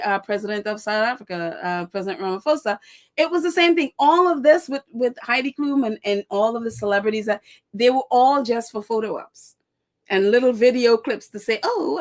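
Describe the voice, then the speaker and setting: A woman hosting a casual live stream, reading viewer comments and chatting with frequent laughs, fillers and sarcastic asides. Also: fairly high pitch. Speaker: host.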